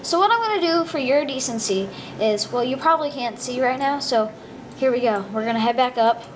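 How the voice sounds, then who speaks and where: A high-pitched woman chatting her way through a block-building game, rambling and goofy with lots of ums. A faint hum of noise sits under her voice. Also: expressive, a little fast. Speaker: gameplay video maker. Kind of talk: casual gameplay commentary.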